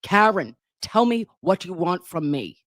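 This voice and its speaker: A woman's voice: lowish voice, very animated, a little slow, a bit bright. A woman mimicking a brash, pushy man. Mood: mocking. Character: pushy flirting man texting.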